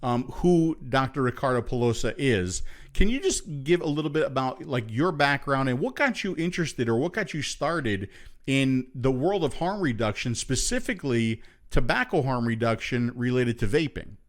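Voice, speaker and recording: A man's voice: medium pitch, big pitch swings, moderate pace. A man hosting a live online show and interviewing a guest, loose and friendly, with many restarts. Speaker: show host.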